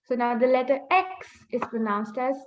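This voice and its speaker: Female language teacher, high voice, patient and repetitive, slightly dull webinar audio. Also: expressive, normal speed. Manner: patient, repeats key points, models sounds. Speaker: Mandarin teacher. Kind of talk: online language lesson.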